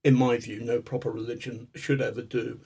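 A man being interviewed as a guest, telling stories in an animated, chatty way with chuckles. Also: mid-range voice, brisk, husky. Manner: animated raconteur, chuckles as he talks. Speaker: guest, journalist. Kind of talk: casual storytelling interview.

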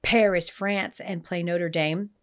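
Animated woman podcast host telling stories. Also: fairly low pitch, takes it slowly, clear, resonant tone. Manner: animated storyteller, voices the people in her stories. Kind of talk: casual podcast chat.

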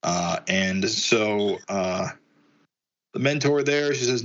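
A man's voice: lowish voice, animated, fairly bright tone, muffled recording. A man co-hosting a casual chat, reading comic dialogue aloud and commenting on it. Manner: reads character lines in a slightly raised, halting voice.

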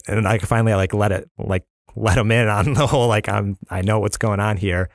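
A man's voice: lowish voice, fairly even intonation, moderate pace, dry recording, studio quality. A man hosting a podcast, talking in easygoing casual chat and chuckling. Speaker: podcast host.

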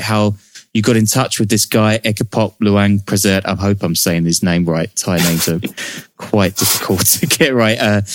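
A man's voice: fairly low pitch, no room sound, clean studio sound. A man hosting a podcast, introducing guests in a chatty, joking way. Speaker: podcast host.

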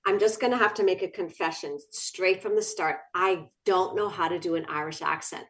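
A woman's voice: lowish voice, a little fast. Enthusiastic woman talk-show guest. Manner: enthusiastic, expressive. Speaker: guest author. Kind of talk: interview answers.

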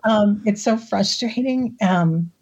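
Husky, gravelly middle-aged woman on a muffled line. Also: mid-range voice, darkish tone. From Midwest. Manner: emotional, laughs often, halting restarts. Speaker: guest. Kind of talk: recounting a personal experience in an interview.

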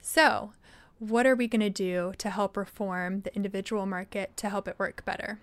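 Smooth-voiced woman explaining policy. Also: medium pitch, steady tone. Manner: articulate, explanatory, measured. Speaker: think tank vice president, guest. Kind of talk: policy interview.

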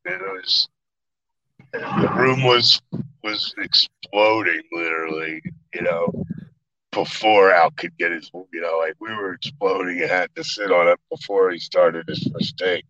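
Deep-voiced man telling set stories. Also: a little slow, lo-fi sound, background noise. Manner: animated, profane, acts out quotes. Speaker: actor guest. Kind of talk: storytelling interview.

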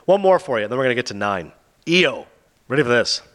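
A man hosting a casual chat, retelling film plots and reviews with an animated, sarcastic manner. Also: mid-range voice, brisk. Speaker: podcast host reviewing films.

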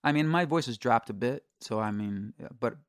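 Middle-aged male guest, mid-pitched voice, dry studio sound, candid storyteller. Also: animated, moderate pace, dry recording. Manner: candid, storytelling, frequent restarts and swearing. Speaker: guest singer-songwriter. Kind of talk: casual interview chat.

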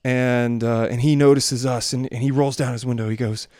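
A man in his thirties or forties tells a family story in a relaxed, rambling way, full of "you know" and restarts. His voice is smooth and clear at an average pitch. The recording is dry, made close on a handheld mic in a bedroom at home. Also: normal speed, no echo. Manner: chatty, loose, many fillers and restarts. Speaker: podcast host and father. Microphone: handheld microphone.

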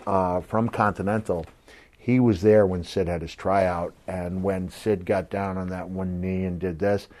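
A man's voice: low voice, a little mellow. A middle-aged man co-hosting a podcast, telling old stories in casual chat and laughing often as he goes. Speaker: podcast co-host, former wrestler.

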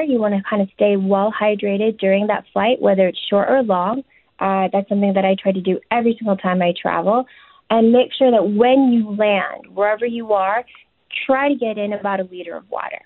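A woman's voice: medium pitch, fairly quick, no room sound. A woman, a nutritionist and chef, giving casual, chatty advice in an interview, with many "you know"s and "um"s. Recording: tinny dry phone line.

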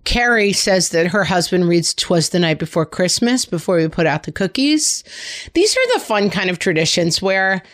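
A middle-aged woman co-hosting a podcast, chatting casually and animatedly, often leaping up into high exclamations. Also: big pitch swings, normal speed, a bit bright. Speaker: podcast co-host. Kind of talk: casual chat.

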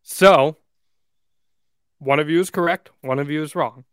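A man's voice: fairly high pitch, unhurried, fairly bright tone, smooth, no echo, studio quality. A man hosting a casual podcast, playfully emceeing a quiz and wrapping up the episode. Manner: playful emcee, announces results and wraps up the show. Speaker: podcast host.

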